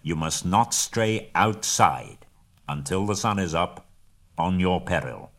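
A man voicing a wise, commanding old male wizard in a storybook reading, with forceful, emphatic speech. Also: low-pitched, lively intonation, slow pace, heavily acted. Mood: warning.

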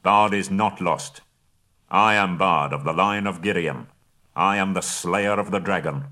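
A steadfast bowman hero who speaks with quiet, solemn resolve, as a male narrator voices him. His voice sits low and firm, carrying the weight of a storybook hero. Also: measured pace. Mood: resolute.

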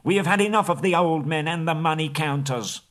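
A man voicing angry townspeople in a storybook reading, shouting in raised, high voices. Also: steady tone, moderate pace, close to an everyday voice. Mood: clamoring.

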